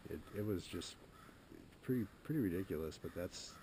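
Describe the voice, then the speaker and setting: A man with a very low voice tells a casual story outdoors in the woods, rambling and halting, often restarting his sentences. Faint outdoor ambience hangs behind him. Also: expressive, dark tone, slight background noise. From Wisconsin. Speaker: hunting show host.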